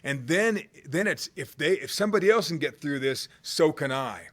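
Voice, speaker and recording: A man preaching a sermon in a conversational way, swinging from loud cries to hushed low tones. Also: animated, normal speed. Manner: conversational, with fillers and restarts.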